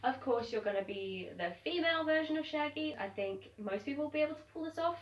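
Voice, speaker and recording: A woman's voice: high voice, lively intonation, fast talker, dull audio. A young woman vlogging at home, talking to camera in a chatty, upbeat way. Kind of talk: casual to-camera chat. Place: at home indoors. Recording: roomy sound from a distance.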